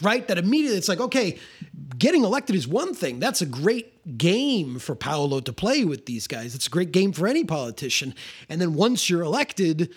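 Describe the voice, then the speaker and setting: A man's voice: on the high side, sing-song, fairly quick, husky. A man co-hosting a podcast, talking casually and animatedly about films, often restarting and repeating words. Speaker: podcast co-host. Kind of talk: casual film discussion.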